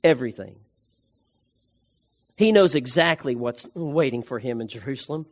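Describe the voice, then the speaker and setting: A man's voice: medium pitch, animated, normal speed. A man preaching a sermon as pastor, emphatic, repeating key phrases and restarting words as he goes.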